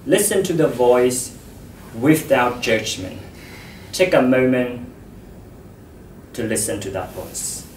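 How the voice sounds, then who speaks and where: A man giving a public talk to an audience about voice, speaking in a slow, measured, expressive way. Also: medium pitch, a little hiss or hum. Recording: echoey hall, distant mic.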